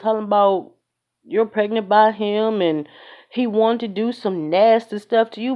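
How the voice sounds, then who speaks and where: Speaking into her phone for a casual vlog, a woman with a mid-range voice rants at a measured pace, giving her opinion bluntly and emphatically, clearly fed up yet still conversational. The phone recording sounds dull and lo-fi.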